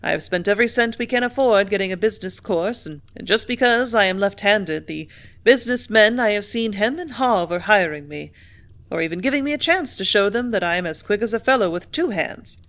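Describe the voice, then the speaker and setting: Lady reading as an upbeat young guy, earnest, a bit loud, audiobook. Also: medium pitch, animated, a little fast. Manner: hearty, earnest, a touch louder. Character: cheerful young man, left-handed clerk.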